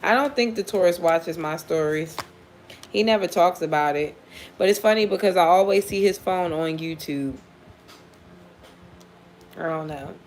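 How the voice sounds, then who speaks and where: A woman's voice: on the low side, moderate pace, pauses often, slight background noise. A woman giving a casual live tarot reading for viewers, blunt and profane, often laughing as she talks. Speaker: tarot reader.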